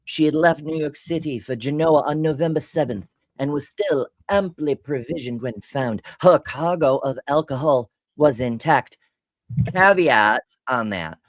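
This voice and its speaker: A woman's voice: deep voice, measured pace, dry recording, clean studio sound. A woman hosting a casual live stream, telling a story in a rambling way, often breaking off mid-sentence and laughing.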